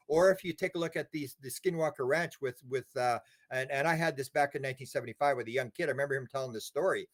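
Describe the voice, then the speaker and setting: An older man talks as an interview guest, his voice sitting a little high for a man. He tells stories with energy, doubling back on words and restarting sentences as he goes. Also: fast talker, few pauses. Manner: animated storyteller, many restarts and repeated words. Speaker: interview guest, UFO researcher. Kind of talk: casual interview talk.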